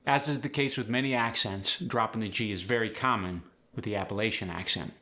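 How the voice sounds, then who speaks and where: A man's voice: fairly low pitch, fairly quick, few pauses, bright, forceful tone. A man explaining and demonstrating accent features as a coach in a tutorial. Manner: clear, explanatory, demonstrates example words.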